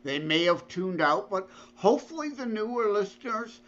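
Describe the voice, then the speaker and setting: A man's voice: high-pitched, sing-song, normal speed, fairly bright tone, highs cut off. A man co-hosting a podcast, chatting casually and chuckling along with the story. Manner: chuckling, agreeable. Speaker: podcast co-host. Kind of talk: casual chat.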